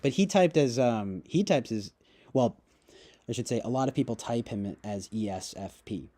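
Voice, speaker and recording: Young male streamer, mid-pitched, rambling chatter stuffed with fillers and self-corrections, chuckles a lot. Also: animated, normal speed, warm tone. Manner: chuckles often while talking. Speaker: livestream host. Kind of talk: casual rambling livestream talk.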